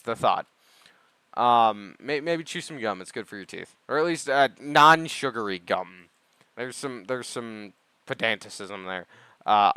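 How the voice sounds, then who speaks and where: A man's voice: fairly low pitch, bright, forceful tone, clear, resonant tone, no room sound. A young man giving casual gameplay commentary, rambling and digressive with self-mocking asides. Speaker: gaming video creator.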